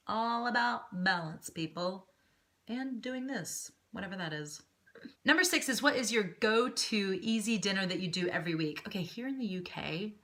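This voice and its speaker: A woman in her thirties chatting casually to camera as a vlogger, animated and laughing often. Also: medium pitch.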